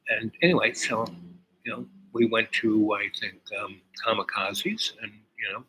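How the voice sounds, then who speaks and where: A man's voice: fairly low pitch, measured pace, pushed and bright, slight background noise, poor audio. An older man telling a meandering personal story, full of fillers and asides. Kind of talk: rambling personal anecdote.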